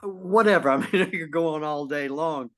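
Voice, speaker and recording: Chatty middle-aged man clearing his throat. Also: fairly high pitch, normal speed. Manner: lively, folksy, frequent throat clearing. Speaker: podcast co-host. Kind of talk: casual conversational chat.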